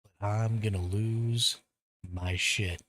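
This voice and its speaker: A man's voice: lowish voice, steady tone, slow pace, fairly bright tone, no room sound. An American man streaming a survival game, ranting and swearing casually about broken updates. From United States.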